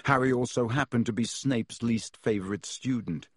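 A man reading a storybook aloud in a measured, expressive way. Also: medium pitch, breathy edge, no echo, studio quality. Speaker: audiobook narrator.

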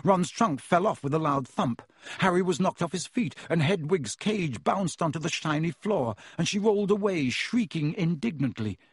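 Husky male storybook narrator. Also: fairly high pitch, animated, dry recording, clean studio sound. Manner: measured, vivid storytelling. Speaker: audiobook narrator.

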